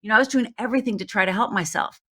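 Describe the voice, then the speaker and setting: A woman's voice: fairly high pitch, racing, fairly bright tone, slightly rough. A middle-aged woman from Upper Michigan, a life coach guest telling a personal story in a podcast interview, earnest and speaking straight to the host. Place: Los Angeles.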